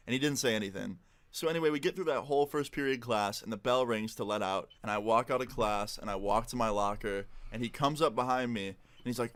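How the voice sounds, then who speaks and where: A man's voice: mid-range voice, fast talker. A young man telling a casual, rambling personal story while gaming, with lots of "like". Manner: rambling, relaxed, heavy use of "like". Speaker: gaming video narrator. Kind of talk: casual storytime over gameplay.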